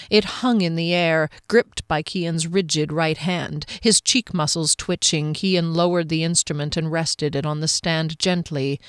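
A woman narrating a fantasy novel in a measured, expressive storytelling voice on a close mic. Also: on the low side, no room sound. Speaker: audiobook narrator.

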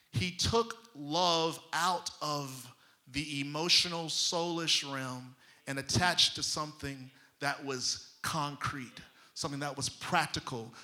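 In the middle of a sermon, a man with a high, very bright, cutting voice talks straight to his congregation. He preaches with emphasis on every point while keeping a loose, folksy, conversational style.

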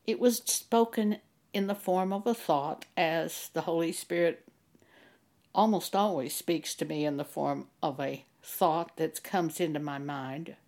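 Woman, Christian author giving a testimony; unhurried and gentle, a little low-pitched. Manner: slow and deliberate, gentle, measured phrasing. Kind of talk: slow devotional testimony.

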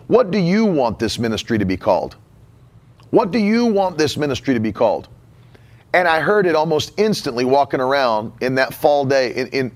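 A man's voice: on the high side, gravelly. Casting: male pastor, somewhat raised voice, preaching with emphatic repetition. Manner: emphatic, repeats key phrases. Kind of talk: sermon.

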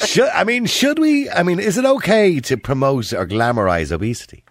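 A man's voice: fairly high pitch, lively intonation, normal speed, dry recording, studio quality. A middle-aged Irish man hosting a phone-in radio show, chatting casually and laughing easily with his co-host and callers.

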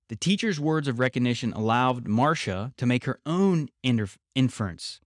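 Man, podcast host reading aloud with commentary, earnest, mid-pitched voice, close dry recording. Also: sing-song, normal speed, few pauses, dry recording. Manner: earnest, explanatory, restates key points.

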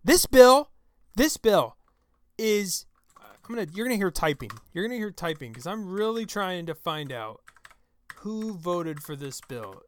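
A man hosting his own talk show, delivering an angry, profane political rant into a close microphone, with shouted outbursts. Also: sits high, big pitch swings, a little slow. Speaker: show host. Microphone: close studio mic.

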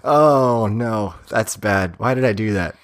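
A man's voice: fairly low pitch, slow pace. Dry, teasing male podcast host. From Boston area, USA. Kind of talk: casual chat.

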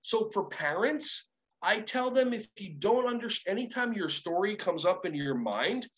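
A man with a high-pitched voice speaks as a motivational coach. He tells energetic stories and switches between his own voice and the voices of the people he quotes. The audio is a little dull and muffled. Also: moderate pace. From Israel. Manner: energetic, acts out both sides of conversations. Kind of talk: animated storytelling talk.

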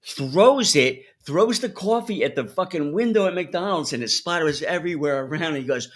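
A man's voice: on the high side, normal speed, few pauses. Storytelling man with a New Jersey accent. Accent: New York / New Jersey. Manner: animated storyteller, swears freely. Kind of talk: casual storytelling chat.

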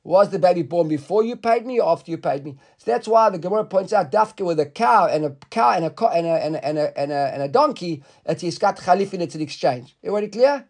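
A man's voice: high voice, expressive, fast, few pauses, darkish tone. A man teaching a Talmud class in a conversational way, often repeating words and asking the students questions.

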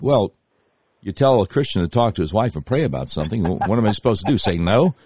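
Man, low voice, rambling storyteller, many ums and uhs, casual interview guest. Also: sing-song, fast talker, a little mellow, slightly rough, no room sound, studio quality. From Arkansas. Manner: rambling, storytelling with hesitant fillers. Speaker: guest, candidate for governor.

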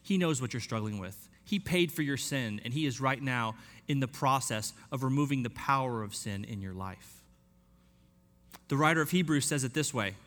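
A man preaching a sermon in an earnest, emphatic way, slowing down and dropping quiet on key points. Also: mid-range voice. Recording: long hall reverb.

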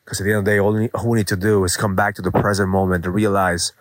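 A man's voice: deep voice, little pitch movement, quick pace, no echo. A man in his forties hosting a daily motivational show, telling a personal story and urging listeners on in an earnest, emphatic way, with some swearing. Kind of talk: motivational monologue.

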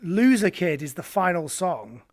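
A man's voice: high-pitched, very animated, a little slow, no echo, clean studio sound. A man co-hosting a casual podcast, playful, laughing often and acting out quotes. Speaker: podcast co-host. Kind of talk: casual chat.

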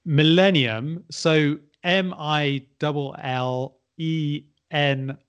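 A man who teaches English, chatting casually and spelling words out in a measured way. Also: a little high, clean tone, lo-fi sound. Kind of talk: casual conversation.

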